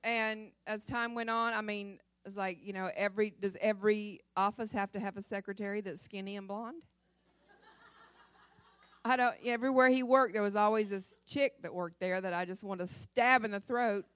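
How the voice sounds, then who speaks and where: A woman's voice: mid-range voice, steady tone, moderate pace, fairly bright tone, clean tone, no room sound. A middle-aged woman giving a humorous testimony sermon, acting out her own cries and often laughing. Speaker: pastor's wife and speaker.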